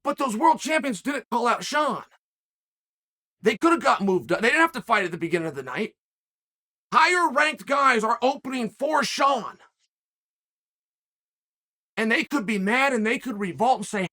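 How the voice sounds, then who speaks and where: With an extremely high, sharp voice, this commentary host speaks in a sing-song way at normal speed, leaving long pauses. His solo rant is animated and emphatic, peppered with rhetorical challenges for the audience.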